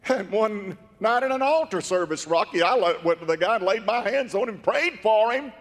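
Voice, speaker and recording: A preacher with a high-pitched voice tells stories through a fervent sermon, building to emphatic shouts. His intonation is lively and his pace moderate. His voice echoes with long reverb through a large church sanctuary.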